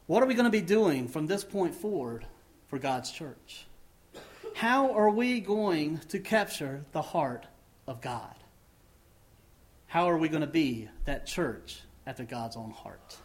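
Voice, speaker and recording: A man preaching a sermon to his church and leading a closing prayer, asking the congregation questions and pushing words up before letting phrase ends fall soft and low. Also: lively intonation, slow. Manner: rising emphasis then dropping low at phrase ends; asks the congregation many questions. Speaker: pastor.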